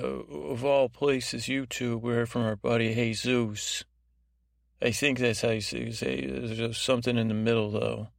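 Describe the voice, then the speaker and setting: A man hosting a podcast for falling asleep, rambling along in a low-key way with lots of fillers and restarts. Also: gravelly, dry recording, studio quality. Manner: meandering, full of fillers and restarts; unhurried, low-key delivery. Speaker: podcast host. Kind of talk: rambling monologue to help listeners sleep.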